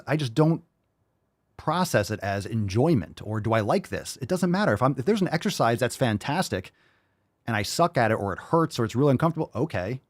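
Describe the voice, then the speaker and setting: A man hosting a fitness podcast, ranting bluntly with plenty of swearing. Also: no room sound. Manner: blunt and profane, with sudden jumps in pitch. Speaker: podcast host.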